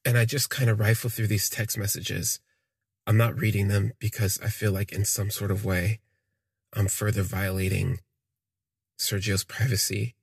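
A podcast storyteller recounts his own story in the first person, his voice deep-leaning, very husky, and gravelly, with a level tone. He speaks haltingly and reflectively, trailing off and circling back, in a close, dry recording with no echo.

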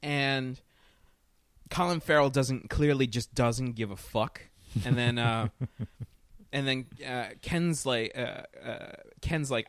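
Male film podcaster, mid-pitched, rambling and profane, laughs a lot, with a dry close sound. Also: measured pace, a bit bright, no room sound. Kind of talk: casual film discussion.

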